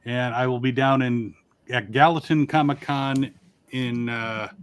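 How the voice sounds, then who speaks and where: A man's voice: medium pitch, steady tone, unhurried, clear, resonant tone. A man from Connecticut, a toy reviewer in a casual livestream chat, rambling and joking in a plain broadcaster-style manner over a video call.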